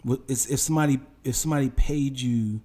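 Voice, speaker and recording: A man's voice: medium pitch, fairly quick, mellow. A man co-hosting a casual podcast, telling stories with animation and pushing back with questions. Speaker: podcast co-host. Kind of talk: casual chat.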